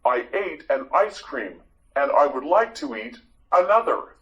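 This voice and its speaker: A man teaching English vocabulary in a slow, repetitive drill, with clear, deliberate pronunciation. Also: on the high side, lively intonation, a bit bright, highs cut off.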